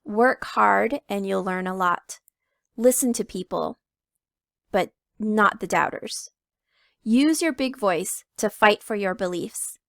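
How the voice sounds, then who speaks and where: A woman reads a children's picture book aloud in the first person, leaning into key words with clear emphasis. Her voice carries a gravelly, fry-edged texture at a middling pitch, and the sound is close and dry with no room around it. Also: takes it slowly, fairly bright tone, dry recording. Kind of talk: read-aloud storytelling.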